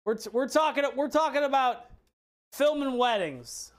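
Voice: sits high, expressive, moderate pace. Live-stream cook, chatty and profane, rambling anecdotes between recipe steps. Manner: rambling, profane storytelling with restarts. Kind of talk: casual chat with live chat while cooking.

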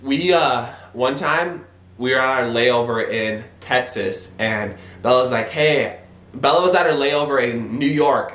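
A young man in his twenties, a vlogger telling a story in an animated way, acting out his own quoted lines. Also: mid-range voice, echoey room. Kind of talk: casual storytelling.

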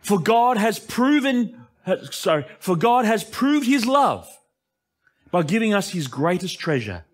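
A male pastor preaching an impassioned sermon that swings between emphatic lines and hushed asides. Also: high-pitched, very animated, a little slow.

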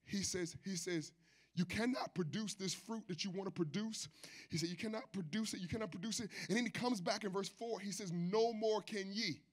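A male pastor preaching a sermon at a church service, swinging between shouted, sing-song passages and low, quiet asides. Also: brisk.

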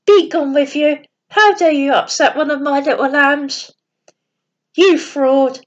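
Woman narrator doing a gentle, loving male teacher; high voice, muffled lo-fi sound. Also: steady tone, takes it slowly. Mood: stern. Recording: dull lo-fi recording.

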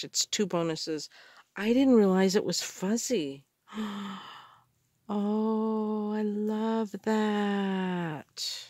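A woman in a casual craft haul video, gushing with excited gasps and exclamations over the supplies she unpacks. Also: mid-range voice, drawn-out words, no room sound, studio quality. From Canada. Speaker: crafter unboxing mail.

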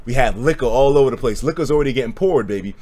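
A young man streaming, telling stories in a casual, animated way and laughing often. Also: mid-range voice, rapid-fire. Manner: animated storytelling with frequent laughter and profanity.

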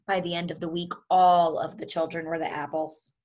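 Brief: woman teacher, children's read-aloud, breathy and expressive. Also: fairly low pitch, normal speed. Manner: lively and expressive, with chuckles. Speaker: teacher reading to her students.

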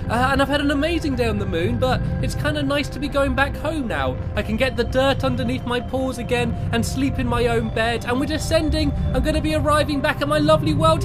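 Guy rambling through a minecraft adventure, giggly, pitch all over the place. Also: very animated, normal speed, over music. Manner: bouncy, playful, stammering restarts, frequent giggles. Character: cheerful cat character exploring the moon. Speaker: Minecraft let's play host. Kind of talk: playful in-character game narration.

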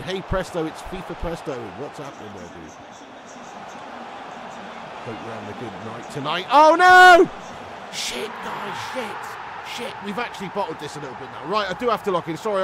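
A man doing live commentary on his game stream, excitable, yelling at plays and chatting with viewers. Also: fairly high pitch, brisk, noisy background.

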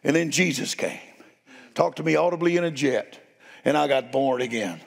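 A man preaching as a guest in a church, telling stories in a playful, animated way and laughing along. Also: mid-range voice, moderate pace, creaky. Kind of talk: storytelling sermon. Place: church sanctuary. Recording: long reverb of a church hall.

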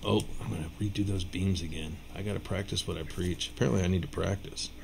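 A man teaching rhythm writing in a relaxed video lesson, counting and scatting beats aloud, with a casual, self-deprecating manner. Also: sits low, quick pace, vocal fry, slight background noise. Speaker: music teacher.

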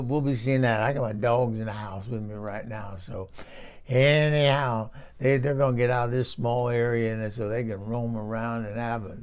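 A man's voice: medium pitch, darkish tone, natural voice. A man playing a chatty older woman who lives in a trailer, rambling and exclaiming. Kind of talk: comic character monologue.

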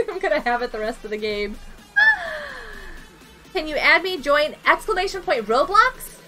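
A woman live streaming a game, excitable and giggly, chatting with her viewers. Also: high-pitched, moderate pace, long pauses, faint music behind. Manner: excitable, giggly, talks to chat. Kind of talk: casual gaming live stream chat.

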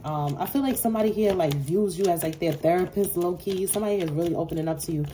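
A woman's voice: lowish voice, quick pace, dark tone, a little hiss or hum. A woman giving a casual tarot reading to her viewers, talking bluntly and swearing freely. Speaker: tarot reader.

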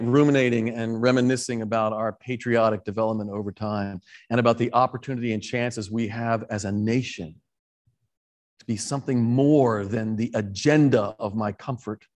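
A man preaching a conversational sermon as a parish priest, animated, often correcting himself and talking to the congregation directly. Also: medium pitch. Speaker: priest and rector. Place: church.

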